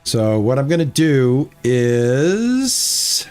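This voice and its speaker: A man's voice: medium pitch, sing-song, extremely slow, a little mellow, clear, resonant tone, soft background music. A man streaming a game, chatting with his viewers and easily exasperated as he plays. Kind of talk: casual gameplay commentary.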